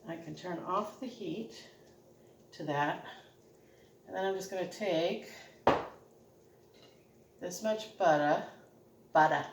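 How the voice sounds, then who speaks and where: Dishes and cutlery clatter amid a noisy background as a middle-aged home cooking host, regional American accent, demonstrates a recipe in her echoey kitchen, the mic set at a distance. Her voice is fairly low and slow with frequent pauses; she's chatty and homey and laughs often.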